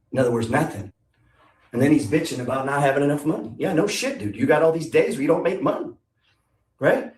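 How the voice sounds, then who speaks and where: Middle-aged male investing coach, brash and swearing, fairly high lively voice, recorded in an echoey room. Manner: blunt, swearing, rhetorical questions. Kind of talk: profane motivational talk. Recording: echoey room, distant from mic.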